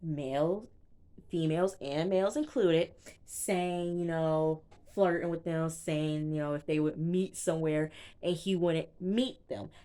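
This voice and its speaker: A young woman casually recapping a reality TV episode, retelling scenes in a chatty, animated way and acting out quoted reactions. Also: deep voice, unhurried. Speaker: TV show reviewer.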